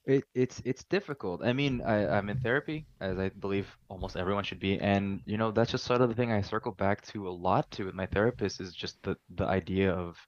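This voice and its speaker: A man's voice: lowish voice, a little fast, few pauses, dry recording. A young adult man, a guest on a podcast, talks reflectively and searches for his words as he explains his outlook. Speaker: podcast guest, martial arts instructor. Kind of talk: reflective conversation. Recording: dull dry lo-fi sound.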